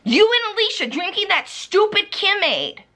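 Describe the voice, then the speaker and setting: A woman's voice: very high-pitched, very animated, normal speed, pushed and bright. A young woman vlogger ranting angrily to camera, swearing freely and calling people out by name. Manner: heated, profane, pointing at the camera. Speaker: beauty commentary vlogger. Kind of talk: angry rant to camera. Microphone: camera mic, facing the camera.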